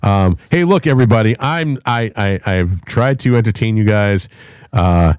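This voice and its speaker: A middle-aged man hosting a talk show, ranting with loud, profane, emphatic delivery and a voice that swings up and down. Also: on the low side, normal speed, clear, resonant tone, no echo, clean studio sound. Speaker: podcast host.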